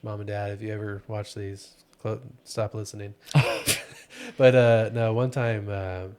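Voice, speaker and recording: A young man co-hosting a podcast, telling relaxed, joking anecdotes in casual chat. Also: lowish voice, unhurried, clean tone. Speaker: podcast co-host.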